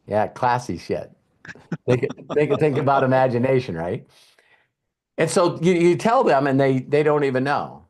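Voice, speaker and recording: A man giving a casual motivational talk as a mentor, acting out quotes in lively storytelling with some swearing. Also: medium pitch, moderate pace. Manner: animated storyteller, acts out voices. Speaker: mentor and coach.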